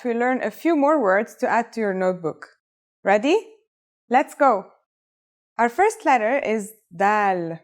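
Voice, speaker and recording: A language teacher gives a scripted spoken lesson, guiding the viewer through every step. Her voice is a bit higher than most, and she sounds upbeat and encouraging.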